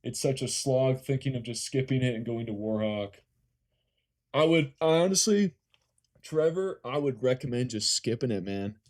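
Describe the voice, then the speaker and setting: A young man with a Californian accent chats casually on a live stream, answering questions from chat. He keeps it relaxed and friendly, with plenty of dude and bro and the occasional swear word. His voice sits at an ordinary middle pitch.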